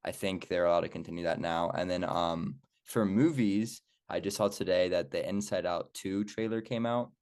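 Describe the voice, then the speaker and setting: A man's voice: low voice, normal speed, hardly any pauses, darkish tone, smooth. A young man guesting on a podcast, talking casually with lots of fillers.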